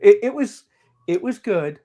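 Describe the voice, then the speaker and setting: A man's voice: high voice, lively intonation, mellow. A man in his thirties from New England, co-hosting a casual podcast chat in a playful, teasing way. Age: 30s. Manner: playful, teasing, quick to laugh. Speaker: guest co-host.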